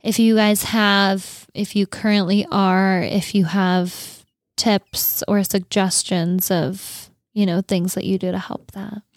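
A woman's voice: medium pitch, flat delivery, takes it slowly, no room sound. A woman talking casually on a podcast, chatty and easy, with plenty of filler words. Her voice sits mid-range. The recording is dry and close. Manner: chatty, many fillers, explains wine picks. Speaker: podcast co-host. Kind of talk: casual chat.

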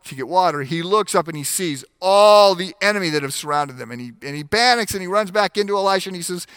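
Bright, crisp-voiced man preaching. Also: sits high, fast, dry recording, studio quality. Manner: animated, acts out the scripture voices; frequent restarts and fillers while explaining. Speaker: pastor. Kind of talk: sermon.

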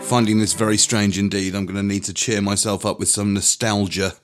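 A man's voice: fairly low pitch, flat delivery, brisk, soft background music. A man hosting a comedy sketch show, dry and mock-earnest. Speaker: host.

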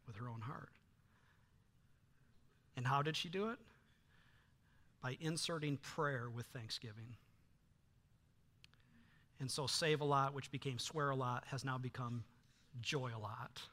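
A middle-aged male pastor preaching a sermon, telling stories in an animated way with many fillers and restarts. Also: mid-range voice, takes it slowly, pauses often.

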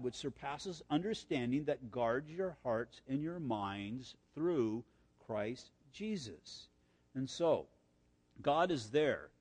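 Earnest and conversational, an older male pastor tells personal stories during a sermon in a reverberant church sanctuary. His voice is on the high side with a darkish tone.

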